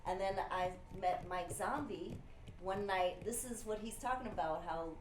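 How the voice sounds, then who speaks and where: A woman in the music industry telling stories in a casual conversation, animated, with lots of "you know". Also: mid-range voice, measured pace. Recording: echoey room with faint noise.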